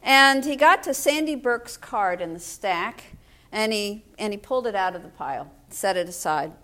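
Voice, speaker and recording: A woman's voice: medium pitch, expressive, normal speed, fairly bright tone. An older woman pastor delivering a sermon in a storytelling way, with wry humor.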